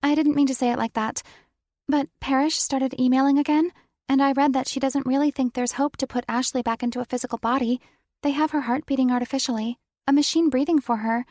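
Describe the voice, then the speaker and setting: A woman narrating an audiobook and voicing a flustered young woman who talks in a rushed, blunt way. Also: fairly even intonation, a little mellow, dry recording, clean studio sound. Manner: rushed, blunt, high-strung.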